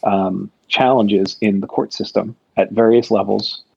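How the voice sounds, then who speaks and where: A man's voice: on the low side, steady tone, measured pace, gravelly, husky, no room sound. An American man in casual political chat, rambling and thoughtful with many fillers and restarts, on a dull lo-fi recording. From United States.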